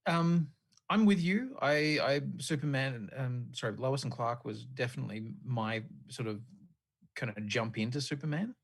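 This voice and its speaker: A man's voice: medium pitch, moderate pace. A man hosting a casual pop-culture podcast, rambling with frequent fillers and easy swearing. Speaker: podcast host. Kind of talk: casual chat.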